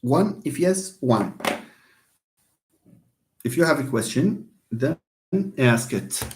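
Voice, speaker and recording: A man teaching English word stress in an online lecture, drawing out words slowly and with emphasis. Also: mid-range voice, lively intonation, slight background noise. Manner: slow, emphatic, drawn-out words.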